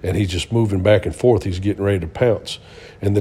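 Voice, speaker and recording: A man's voice: low voice, fairly even intonation, fairly quick, dark tone, breathy edge. A middle-aged man co-hosting a Christian talk show, speaking earnestly and telling stories like a preacher, with many fillers. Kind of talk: casual testimony and storytelling.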